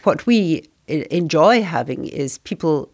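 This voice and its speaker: Older woman artist, calm and dry. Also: deep voice, unhurried, breathy edge, no room sound. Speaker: glass engraver. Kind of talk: interview.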